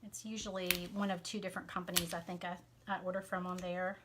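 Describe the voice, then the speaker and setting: A woman's voice: on the low side, little pitch movement, quick pace, a bit bright, a little hiss or hum. A woman with a Southern American accent chatting casually with viewers as she works on a craft live stream, with plenty of fillers along the way. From Southern United States. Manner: chatty, talks to viewers while working, many fillers. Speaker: craft vlogger.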